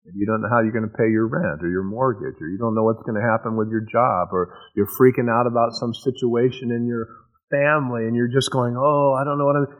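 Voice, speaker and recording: A man's voice: mid-range voice, fairly quick, lo-fi sound. A man preaching a sermon in a casual storytelling way, explaining verses and acting out the scenes. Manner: acts out scenes with sound effects and voices. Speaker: pastor.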